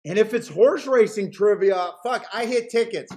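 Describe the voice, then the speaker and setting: High-voiced man laughing through live-stream banter. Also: normal speed, a little mellow. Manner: laughs often, rambling and profane. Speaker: horse racing handicapping show host. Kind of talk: casual live-stream chat.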